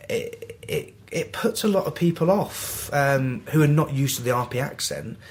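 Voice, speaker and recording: A man's voice: medium pitch, moderate pace. Mancunian young man telling stories. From Manchester, England. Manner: animated, acts out quoted dialogue. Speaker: podcast guest, actor. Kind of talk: casual anecdotal storytelling.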